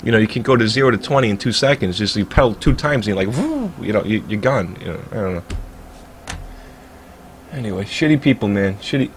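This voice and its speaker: A man's voice: on the low side, a little fast, slight background noise. A man, a livestreamer ranting in a heated, profane, rambling way during casual chat. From Staten Island, New York.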